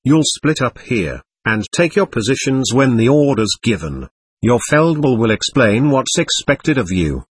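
A man's voice: medium pitch, very animated, unhurried, breathy edge. A man reading as a barking army officer. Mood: commanding. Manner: commanding.

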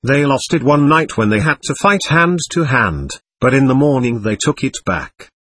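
A man's voice: mid-range voice, lively intonation, normal speed, a bit bright, no room sound. A man voicing a weary, grumbling frontline soldier. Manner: grumbling, offhand.

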